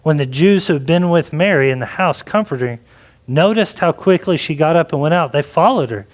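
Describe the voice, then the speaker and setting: A man preaching a sermon as pastor, in a conversational way with frequent "like" and questions. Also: sits high. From Texas. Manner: conversational preaching with many likes.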